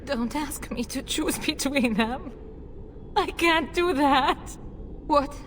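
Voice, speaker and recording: A woman's voice: sits high, slow, fairly bright tone, a little hiss or hum. An actress playing a middle-aged noble mother pleading emotionally for her son in a video game. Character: noble mother, desperate and grieving.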